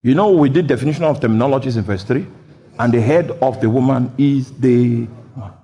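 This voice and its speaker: A man preaching a sermon, jumping from loud shouted quotations down to quiet, low explanation. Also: fairly quick, lo-fi sound. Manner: bursts into loud shouted quotes, then drops low. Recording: long hall reverb.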